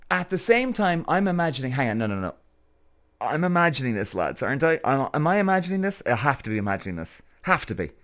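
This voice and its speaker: A man's voice: mid-range voice, fast talker. Irish male podcast host, casual storyteller, voice swoops up and down, exasperated. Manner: animated, exasperated retelling.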